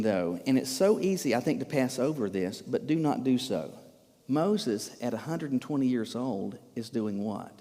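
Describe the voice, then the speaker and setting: A man's voice: mid-range voice, gravelly, dark tone, in a large hall. A man preaching a sermon as pastor, in an emphatic way, full of rhetorical questions.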